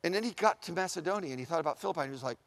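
A man preaching a sermon in an animated way, asking the room questions and acting out the voices he quotes. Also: a little high, rapid-fire. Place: large chapel. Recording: long reverb of a large chapel.

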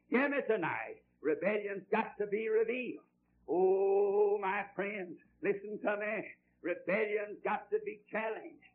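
A man preaching a fiery old-time revival sermon, swinging from shouts to low pleas. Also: a little hiss or hum. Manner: fiery, shouting and dropping low in turns, folksy Southern phrasing. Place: revival tent. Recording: dull lo-fi old broadcast recording.

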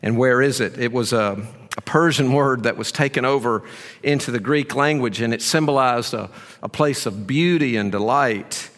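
A man preaching a sermon as pastor, earnest and emphatic, moving between firm statements and hushed asides. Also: mid-range voice, moderate pace. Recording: long reverb of a large hall.

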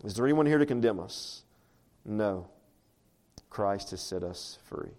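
In church, a pastor preaches to his congregation in a chatty, conversational manner, often posing rhetorical questions. His voice is lowish and darkish, expressive and unhurried.

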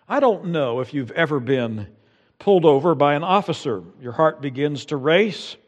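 Lively male pastor preaching in a reverberant hall. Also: a little high, normal speed, dull audio. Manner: lively storytelling preacher, conversational asides. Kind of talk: sermon. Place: church sanctuary with long reverb.

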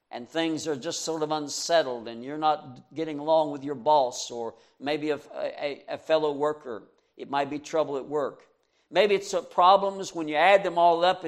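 A man preaching a sermon in an earnest, conversational way, raising his voice on quoted scripture and chuckling at his own asides. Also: fairly high pitch.

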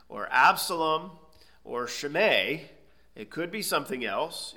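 Man, pastor, expository sermon, bright clear tone, reads verses then explains. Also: a little high. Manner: reads scripture aloud, then explains it plainly.

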